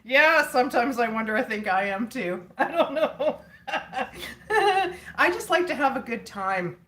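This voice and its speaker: Slow-talking giggly woman on a livestream. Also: high-pitched, lively intonation, a bit bright. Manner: chatty and giggly, laughs often. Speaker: livestream host chatting with viewers. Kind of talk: casual livestream chat.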